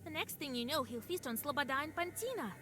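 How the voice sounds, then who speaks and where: An actress playing a resolute young woman demon hunter in a video game, speaking calmly and firmly. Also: high-pitched, quick pace. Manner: calm, firm. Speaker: game character.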